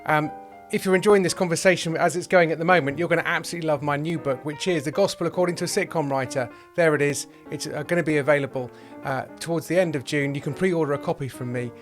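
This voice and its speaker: Chatty man with a slightly high voice. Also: quick pace, faint music behind. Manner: thinking aloud with frequent restarts, playful. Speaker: podcast host. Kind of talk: casual conversation about comedy and faith.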